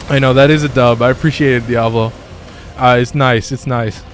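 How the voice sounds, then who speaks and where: A man's voice: mid-range voice, fairly even intonation, moderate pace, a little hiss or hum. A young man streaming a game from his bedroom, chatting with viewers and swearing at enemies mid-fight. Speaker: gaming streamer. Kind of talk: casual live-stream commentary. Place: home bedroom. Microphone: phone.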